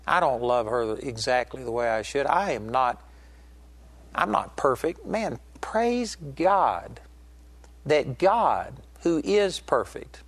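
A middle-aged man preaching a sermon with passion, climbing high to stress a point and slowing for weight, acting out the voices in a story he tells. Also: no echo. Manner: impassioned, rises sharply in pitch for emphasis, slows to stress lines; acts out quoted voices in retelling a story.

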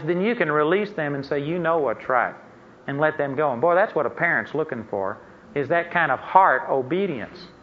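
A man preaching a sermon, his voice sitting a little high for a man. He talks in a folksy, conversational way and breaks off now and then to check with the congregation. The recording sounds dull and lo-fi. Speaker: pastor.

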